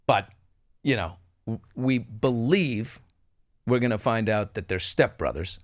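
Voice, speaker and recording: A man's voice: mid-range voice, lively intonation, unhurried. A man co-hosting a talk show, chatting casually in a playful, gossipy way.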